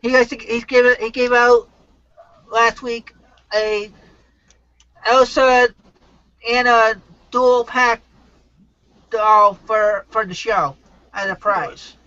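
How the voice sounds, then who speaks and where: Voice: medium pitch, steady tone, slow, pauses often, sharp tone, no room sound, highs cut off. A show host running a live online chat, loose and rambling, passing on viewer comments.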